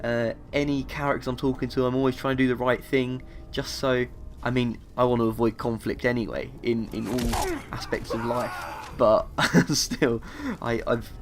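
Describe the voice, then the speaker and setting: A young man, telling a gaming story in an excitable, animated way. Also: medium pitch, moderate pace. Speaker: gaming youtuber. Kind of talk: casual gaming vlog.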